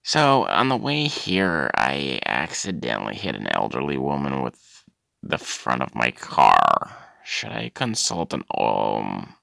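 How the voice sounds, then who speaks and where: Brief: a man doing a flustered, crude game-show contestant lady, gravelly, dry close recording. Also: a bass voice, huge pitch swings, slow, sharp tone, no room sound, voice pushed down, exaggerated voice. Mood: rambling. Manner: rambling, flustered, crude jokes. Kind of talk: comedic sketch character voice.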